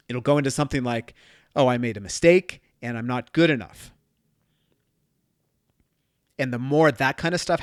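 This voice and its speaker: A man in his thirties talks through a parenting story on his own podcast. He is easygoing and conversational and slips into quoted lines as he goes. His voice sits at a middling pitch and is recorded very dry and close. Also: no echo. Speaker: podcast host. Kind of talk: solo podcast talk.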